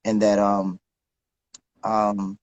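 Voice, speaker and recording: A man's voice: fairly low pitch, completely flat delivery, drawn-out words, highs cut off. A middle-aged man talking as a guest in a casual interview, candid and reflective, with slangy speech. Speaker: guest, recording artist.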